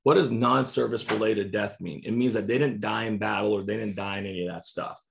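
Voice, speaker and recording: A man's voice: fairly low pitch, fairly even intonation, a little fast, creaky, a little hiss or hum. A man training insurance agents in a casual online session, acting out client calls and often checking in with "right?". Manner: conversational, acts out client calls, frequent "right?" and "you know". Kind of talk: casual training talk to a live online audience.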